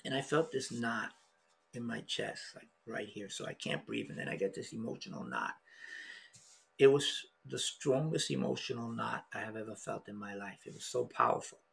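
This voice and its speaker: A middle-aged man telling a personal story in an emotional, halting way, with many restarts. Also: medium pitch, lively intonation, vocal fry, a bit bright, breathy edge. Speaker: podcast guest.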